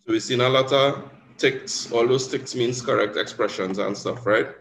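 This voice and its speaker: A man's voice: mid-range voice, moderate pace, a bit bright, slight background noise. A man with a Caribbean accent teaching an exam revision lesson, explaining patiently and often checking in with "right?". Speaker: Spanish teacher.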